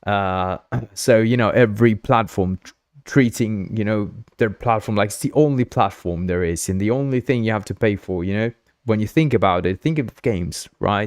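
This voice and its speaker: A young man from Uruguay, hosting a game engine livestream in a rambling, excitable chat full of fillers. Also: lowish voice, dry recording, studio quality. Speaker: livestream host.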